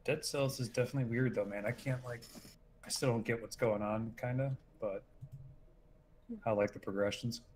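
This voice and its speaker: A man chatting casually about video games, relaxed and asking questions. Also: mid-range voice, normal speed, slight background noise. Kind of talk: casual gaming chat.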